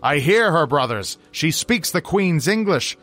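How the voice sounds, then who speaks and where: A man's voice: on the high side, sing-song, unhurried, a bit bright, soft background music, voice pushed up, exaggerated voice. A man voicing a big, godly first mate on a sailing ship, calling out earnestly in a raised voice. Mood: excited. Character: burly godly male sailor, first mate.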